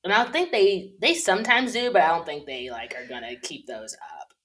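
A woman's voice: lowish voice, very animated, brisk, crowd noise. Sassy, blunt woman co-host. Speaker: podcast co-host. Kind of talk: casual chat.

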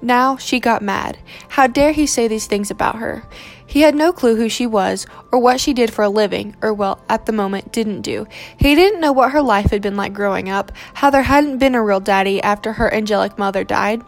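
Woman narrating with gravelly voice. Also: fairly high pitch, soft background music. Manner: steady, measured narration. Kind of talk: audiobook reading of a romance novel.

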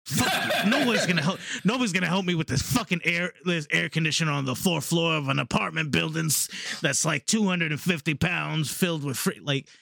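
A man's voice: a little high, a little fast, creaky, dry recording, studio quality. A man in his thirties telling stories in a casual chat, with lots of "like" and "literally". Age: 30s. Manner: animated storytelling, often says "like" and "literally".

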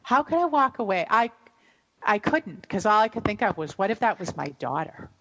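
A woman's voice: mid-range voice, sing-song, normal speed, fairly bright tone, dull audio. A middle-aged woman telling a long story on a radio show, rambling and emotional, with many fillers and restarts.

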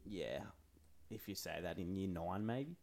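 A man's voice: deep voice, expressive, unhurried, creaky, a little mellow, slight background noise. A young man, a laid-back podcast co-host in casual chat. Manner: laid-back, laughing, short replies.

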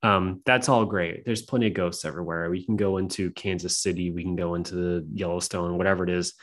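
A man telling spooky stories as a podcast guest, in a casual, rambling way full of fillers and swearing. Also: low-pitched. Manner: profane, rambling, filler-heavy. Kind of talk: casual storytelling chat.

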